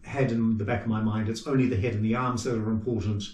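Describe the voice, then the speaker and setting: A man with a New Zealand accent, a puppet maker chatting as the guest in an interview, telling stories lively and acting out what people said. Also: lowish voice, quick pace. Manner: animated storyteller who acts out quoted remarks. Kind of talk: casual interview chat. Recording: roomy sound from a distant mic.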